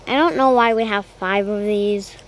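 A young girl casually commentating her pet game, rambling and chatty, cooing in a high voice at her puppy. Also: fairly even intonation, normal speed, slight background noise, poor audio. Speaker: gaming vlogger.

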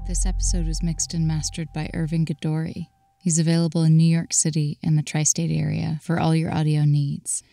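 A woman host reading a scripted podcast outro, calm and measured. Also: sits low, creaky, soft background music.

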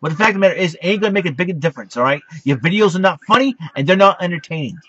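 A man's voice: sits high, animated, very fast, sharp tone, lo-fi sound, a little hiss or hum. A man giving an angry, indignant vlog rant, repeating himself and stammering as he addresses his critics.

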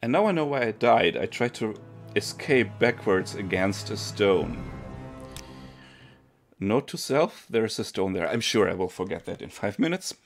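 A deep-voiced man talks through his gameplay, thinking aloud and catching his own slips. His voice is low and gravelly with a lively, swinging pitch, and game music plays behind him. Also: moderate pace. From Germany. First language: German. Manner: thinking aloud, self-correcting. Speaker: let's play streamer. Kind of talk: casual gameplay commentary.

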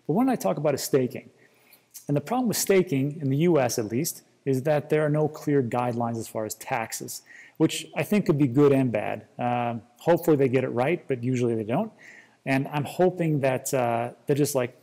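A man's voice: mid-range voice, mellow, big-room sound. A man hosting a casual crypto commentary, rambling and restarting often as he reads quotes aloud. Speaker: crypto video host.

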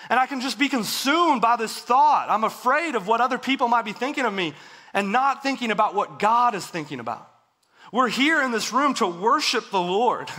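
A man preaching a sermon in a church, earnest and confessional, letting his phrases fall soft and low at the ends. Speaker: pastor. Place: church worship center.

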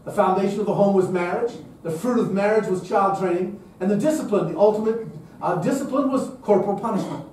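A man lectures emphatically to a gathered audience and drives his points home with rhetorical questions. His voice sits high for a man but has a mellow, dark tone. He is picked up from a distance in a very echoey room. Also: fairly quick, a little hiss or hum. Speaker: speaker at a public event. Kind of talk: lecture-style talk.

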